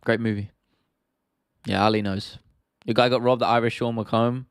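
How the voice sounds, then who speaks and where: A man's voice: mid-range voice, level tone, moderate pace, clean tone, no room sound, clean studio sound. A young man with a London accent hosting a casual livestream Q&A, chatting loosely as he reads and answers viewer comments. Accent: London English. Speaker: livestream host.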